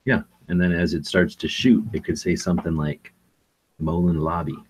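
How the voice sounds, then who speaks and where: Husky low-voiced man telling stories. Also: fairly quick. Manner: animated storyteller, mimics others. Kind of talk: casual chat.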